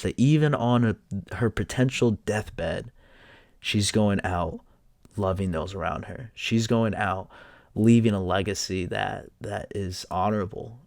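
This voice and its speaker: A young man tells a personal story in a halting, emotional way, full of fillers and falling to a near-whisper. His voice is low and gravelly. It is recorded close and dry, with no room sound. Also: dry recording. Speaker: vlogger.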